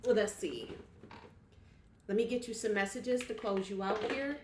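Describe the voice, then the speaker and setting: A woman's voice: mid-range voice, normal speed, noisy background. Blunt, chatty woman reading tarot. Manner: chatty, blunt, swears freely, talks straight to viewers. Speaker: tarot reader. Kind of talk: casual tarot reading to camera. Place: home room. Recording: echoey room.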